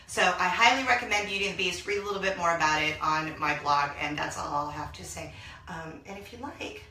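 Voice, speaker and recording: A woman in her thirties hosting a casual vlog from a small laundry room, talking excitedly and gushing to her viewers. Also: on the low side, fairly quick, background noise. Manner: gushing, excitable, bursts into song. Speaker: vlog host. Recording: echoey small room, mic at a distance.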